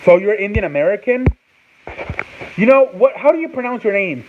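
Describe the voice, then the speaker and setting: A man's voice: high-pitched, lively intonation, a little fast. A man hosting a sports talk show in casual live-stream chat, rambling and swearing and sounding words out over and over. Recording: tinny phone-like sound with faint noise.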